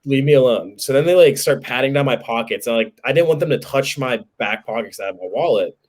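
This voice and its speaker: This man talks fast at a medium pitch. He's a New Jersey podcast co-host in his twenties, telling a swear-filled, joking anecdote with lots of animation.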